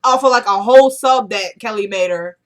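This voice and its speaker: A woman talking straight to her viewers as she walks through a TV episode scene by scene. She is chatty and loose, dropping quick asides and opinions between plot points in an everyday voice. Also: medium pitch. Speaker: TV episode recapper. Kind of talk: casual episode recap to viewers.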